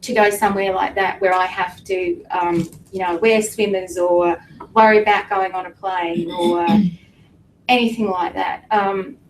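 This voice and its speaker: A middle-aged woman giving an emotional personal testimony to an audience, halting and fighting back tears. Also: fairly low pitch, steady tone, slight background noise. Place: meeting room with an audience. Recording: echoey room from a distance with faint ambience.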